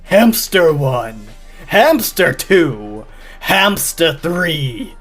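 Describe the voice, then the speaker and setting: Brief: male performer as a theatrical young villain-wannabe, loud, drawn-out proclamations, faint music bed. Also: very animated, exaggerated voice. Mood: grandiose. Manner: slow, booming, pompous declarations.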